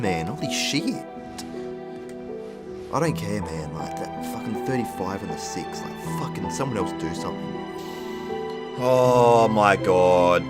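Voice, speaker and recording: A young man calls his football video game in a lowish voice, swearing freely and shouting when frustrated. Game music plays clearly under him. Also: a little slow. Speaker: gaming YouTuber. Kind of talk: excited game commentary.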